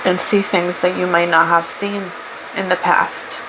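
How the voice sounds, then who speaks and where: A woman's voice: fairly low pitch, flat delivery, unhurried, background noise. Chatty Portuguese woman reading cards. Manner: chatty, rambling, self-correcting. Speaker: spiritual card reader. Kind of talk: casual tarot reading monologue.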